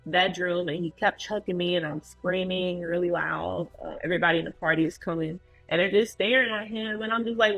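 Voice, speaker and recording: A woman's voice: on the low side, normal speed, gravelly, hardly any pauses, fairly bright tone, no echo, faint music behind, low-quality recording. A woman telling her own story as a guest in a loose, casual way, full of filler words.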